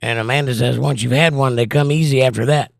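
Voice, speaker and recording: A hoarse, squeaky-voiced man hosting a casual livestream and reading chat messages aloud in a wry, blunt way. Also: fairly even intonation, fast talker, no echo, clean studio sound. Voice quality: squeaky, croaky. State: hoarse, losing his voice.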